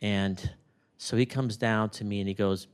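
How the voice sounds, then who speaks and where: Male eulogist, animated anecdotal storyteller, memorial setting. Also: lowish voice, moderate pace, clear, resonant tone. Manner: rambling, animated anecdotes with acted-out quotes. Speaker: neighbor giving a eulogy. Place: room at a retirement community service.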